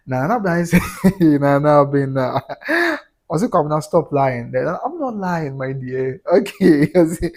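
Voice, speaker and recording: A man's voice: on the high side, breathy edge. A man with a Ghanaian accent hosting a live stream, chatting casually and animatedly and laughing often. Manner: switches between pidgin English and Twi, animated, laughs often.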